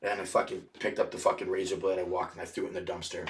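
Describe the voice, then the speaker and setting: Low-voiced man, podcast guest, rambling storyteller, swears constantly, roomy echo. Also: flat delivery, very fast, recorded from a distance, slight background noise. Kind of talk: casual storytelling. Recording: echoey room, off-mic.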